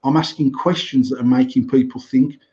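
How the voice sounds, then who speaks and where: Forties english bloke ranting bluntly on a podcast, swears a lot, warm low-key tone, kinda dull lo-fi sound. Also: male voice, steady tone, fairly quick. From England. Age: 40s. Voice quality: blunt and sweary, rambling with restarts. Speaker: podcast co-host, company director. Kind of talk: casual chat.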